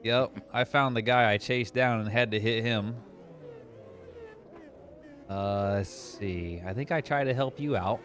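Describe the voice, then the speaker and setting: A man commentating an online sim race he is driving in, narrating the action in casual, excitable chat. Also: mid-range voice, a little slow, long pauses, slight background noise. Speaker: sim racing commentator and driver.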